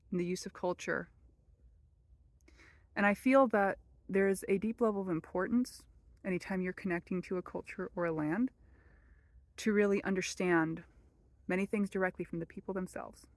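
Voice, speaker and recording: A woman speaks as a spiritual teacher in a calm, measured way, her voice sitting in an ordinary middle register. The recording is dry and close, with no room sound around her. When she repeats a short prayer, her voice drops nearly to a hush. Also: mid-range voice, dry recording.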